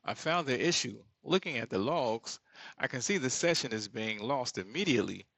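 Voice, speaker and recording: A man with rambles through his work in a casual screen-share commentary, often pausing to search for the right word. His voice is gravelly with a bright, forward edge. The sound is dry and close, with no room around it. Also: medium pitch, animated, no echo. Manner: thinks aloud, rambling asides, searches for words. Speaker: solo creator building an app.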